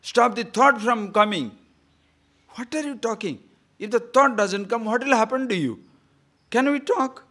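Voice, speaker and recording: A man's voice: very high voice, a little slow, long pauses. A man from Odisha with an Odia Indian English accent, giving a spiritual discourse full of stories and rhetorical questions. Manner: animated, playful, rhetorical questions. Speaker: spiritual teacher.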